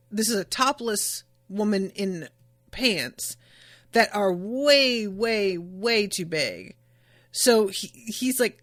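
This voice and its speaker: A woman's voice: mid-range voice, pushed and bright, no echo, studio quality. A woman podcast host chattily recapping an anime episode, with lots of fillers. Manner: chatty, enthusiastic, many fillers.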